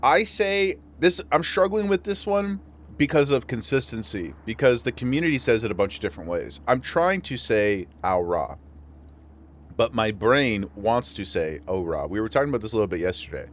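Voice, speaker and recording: Streaming a game, a western New York man talks casually and laughs a lot, his medium-pitched voice expressive and fairly bright. He speaks a little fast, with slight background noise.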